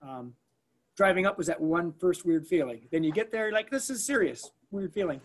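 A man with a slightly higher-than-usual voice tells a story in a relaxed interview. He stumbles and restarts often and drops in lots of fillers. He lifts his voice to act out what people said. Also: moderate pace. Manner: animated, lots of fillers and restarts, acts out quoted lines. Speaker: school staff member recounting an emergency.

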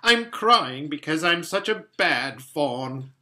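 A man's voice: high-pitched, very animated, moderate pace, sharp tone, pitched above the performer's own voice, exaggerated voice. A man voicing a tearful, guilt-ridden male faun in a storybook reading, talking between sobs. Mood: sobbing. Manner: sobbing, sorrowful.

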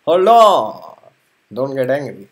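A man voicing a calm, gracious divine prince in a scripture tale, speaking gently and soothingly. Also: fairly low pitch, moderate pace, slightly rough.

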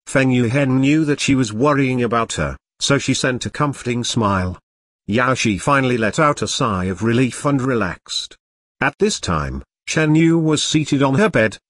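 Steady male audiobook narrator, dry sound. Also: mid-range voice, dry recording. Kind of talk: scripted narration.

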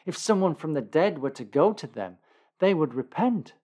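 A man's voice: medium pitch, normal speed, darkish tone, voice pushed up, lightly acted. Tormented rich man, imploring, read by a male narrator; light pleading lift.

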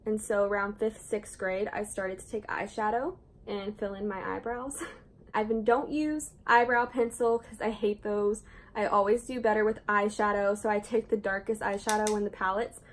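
A young woman with a Southern US accent, chatting casually and rambling while she does her makeup at home. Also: medium pitch. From Southern Indiana, USA. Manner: chatty, rambling, frequent laughs and asides. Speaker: beauty vlogger. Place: indoors at home, doing makeup.

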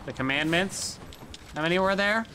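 A man's voice: high voice, normal speed, pushed and bright, a little hiss or hum. A man streaming a video game, chatting casually and rambling with jokes to his chat as he plays. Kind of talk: casual gameplay commentary.

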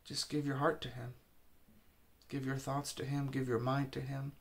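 Gravelly guy preaching, earnest and repetitive, mid pitch. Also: level tone, moderate pace. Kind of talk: informal sermon.

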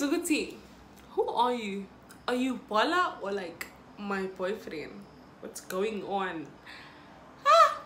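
Animated young South African woman. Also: a little high, roomy sound, a little hiss or hum. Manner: animated, dramatic storytelling. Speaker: YouTuber. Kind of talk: storytime vlog.

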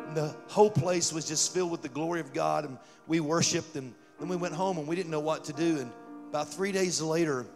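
A male pastor telling a story in a sermon, animated and rising to loud fervor. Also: a little high. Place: church sanctuary. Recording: church hall reverb with music.

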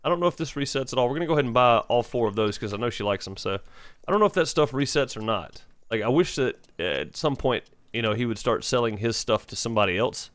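A man's voice: medium pitch, lively intonation, fast, few pauses, fairly bright tone, dry recording. A man hosting a gaming channel, giving casual let's-play commentary and thinking aloud with many fillers.

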